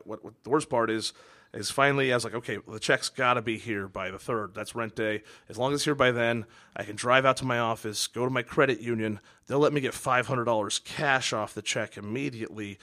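A man's voice: lowish voice, fairly even intonation, brisk, pushed and bright. A man hosting a podcast, ranting in a rambling, exasperated way with lots of restarts. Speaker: podcast host. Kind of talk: casual monologue.

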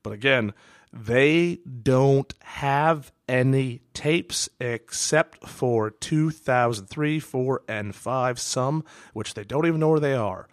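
A podcast host, a man with a mid-range voice, talks slowly through a casual monologue. He rants in a rambling, exasperated way, restarting his sentences again and again.

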